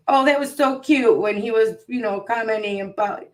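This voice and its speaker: A co-host with a mid-pitched, ordinary voice, chatting casually on a stream. The delivery is wry and exasperated, and the sarcasm is dry. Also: normal speed, few pauses. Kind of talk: casual commentary chat.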